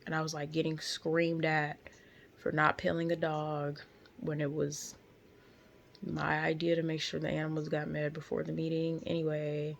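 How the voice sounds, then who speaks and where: A woman's voice: deep voice, completely flat delivery, normal speed, creaky, muffled recording, a little hiss or hum. A young woman telling a painful personal story in her car, candid and tearful, with lots of slang and fillers. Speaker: vlogger.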